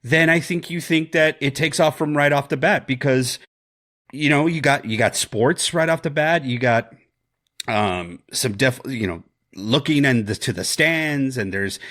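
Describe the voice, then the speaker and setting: A man co-hosting a podcast, talking through a horror film in a rambling, animated way with jokes and swearing. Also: mid-range voice, unhurried. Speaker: podcast co-host. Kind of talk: casual film discussion.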